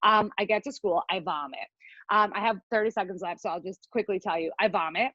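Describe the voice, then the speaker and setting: A young adult woman telling a comic personal story over a video call, rambling with quick asides. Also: medium pitch, fairly bright tone, no room sound. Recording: dry, dull lo-fi video call audio.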